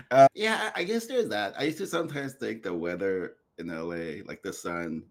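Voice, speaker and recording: Low-voiced laughing podcast host. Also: male voice, animated, measured pace. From Korea. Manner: soft-spoken, laughing, self-deprecating. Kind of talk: casual conversation.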